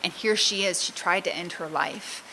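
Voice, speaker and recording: A woman's voice: on the low side, normal speed, sharp tone, a little hiss or hum, low-quality recording. A middle-aged woman from Southern California gives a candid, self-mocking personal testimony as a recovery meeting speaker and laughs often.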